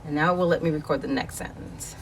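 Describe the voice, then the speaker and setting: A woman voice actor with a low-pitched voice walks through her setup at home. She is chatty and explanatory, correcting herself as she goes. She is close on a quality studio microphone in a quiet room. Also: steady tone, quick pace, slight background noise. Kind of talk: casual screen walkthrough. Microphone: studio condenser microphone.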